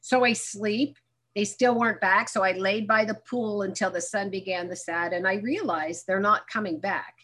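A woman's voice: medium pitch, steady tone, normal speed, fairly bright tone. A middle-aged woman candidly telling her own recovery story, mixing humor into a personal testimony.

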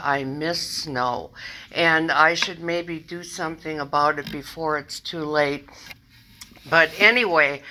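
Slow-talking older woman sharing her story. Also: lowish voice, pushed and bright, poor audio. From northern Minnesota. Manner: chatty, self-deprecating, laughs often. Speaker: recovery meeting speaker. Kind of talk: personal recovery talk.

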